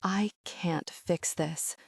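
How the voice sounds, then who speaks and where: A woman's voice: fairly low pitch, slow pace, darkish tone, dry recording, studio quality. A woman voicing a grieving young man who speaks in a choked, tearful voice. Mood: broken.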